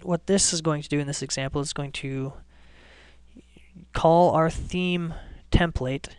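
Smooth-voiced man explaining code, flat delivery. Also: fairly high pitch, measured pace, dry recording, clean studio sound. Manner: relaxed step-by-step explaining with restarts. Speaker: coding tutorial host. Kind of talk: screencast programming lesson.

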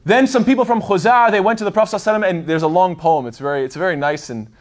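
Fast-talking high-voiced male lecturer. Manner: digressive, thinks aloud with many fillers. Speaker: Islamic lecturer. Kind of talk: casual explanatory talk.

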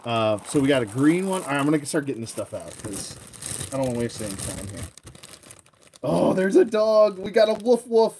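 A young man excitedly unboxing toys on a live stream, laughing often and rambling with fillers. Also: medium pitch, a little fast, a little hiss or hum. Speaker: toy collector streaming live. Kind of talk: casual live unboxing chat.

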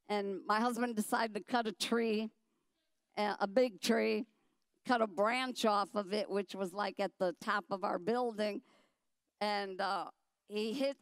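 Animated middle-aged woman telling a story. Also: fairly high pitch, no echo. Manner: animated, emphatic, acts out quotes. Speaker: ministry founder telling her story. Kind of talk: storytelling speech at a dinner.

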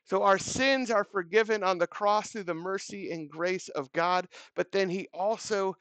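A man's voice: sits high, moderate pace, fairly bright tone, dry recording. A man delivering a daily devotional sermon as a pastor, telling a story earnestly and acting out its quotes.

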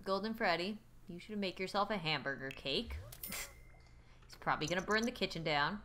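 A woman's voice: lowish voice, bright, forceful tone. A woman hosting a let's play video, talking through her game and shrieking at it when things go wrong. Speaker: gaming YouTuber host.

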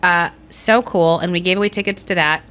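A woman's voice: on the low side, fairly quick, clean tone. A woman, co-hosting a podcast and telling a story with lots of acted-out quotes. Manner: animated storyteller, acts out quotes. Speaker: podcast co-host. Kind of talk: casual chat.

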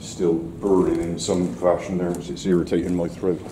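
A man's voice: deep voice, level tone, moderate pace, noisy background. A man talking casually to camera while out walking his dog on the coast, with grumbling, irritated asides. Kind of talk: casual walk-and-talk commentary. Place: outdoors on the coast.

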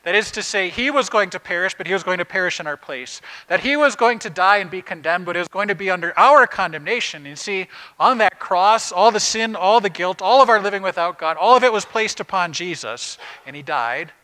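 A man's voice: sits high, expressive, a little fast, sharp tone, low-quality recording. A man preaching a conversational sermon as pastor, posing rhetorical questions to the congregation in plain everyday words with frequent "uh" fillers.

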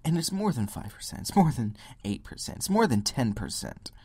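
A man's voice: medium pitch, sing-song, normal speed, dark tone, husky, no room sound. A man ranting sarcastically to camera in a video blog, often breaking into mock quotes. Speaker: vlogger. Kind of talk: political rant to camera.

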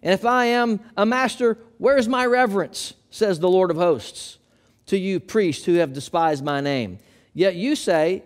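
A man's voice: high voice, expressive, measured pace. A man preaching a sermon as pastor, building emphasis as he quotes and explains scripture.

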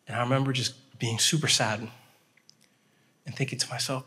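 A man preaches in a chapel, his voice trailing off into a long hall reverb. He tells his story with lively energy and keeps checking that his listeners are with him. His pitch sits in an ordinary middle range. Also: normal speed, pauses often. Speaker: pastor. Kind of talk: storytelling sermon.

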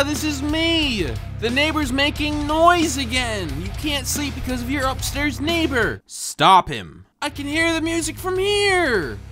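A man's voice: extremely high pitch, pushed and bright. A man giving jokey, casual commentary while playing a video game and reading its text aloud. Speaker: gaming YouTuber.

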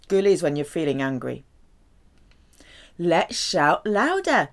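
Woman, French teacher, slow measured lesson delivery, very animated pitch. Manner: slow, careful, lively delivery with drawn-out French examples. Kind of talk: language lesson.

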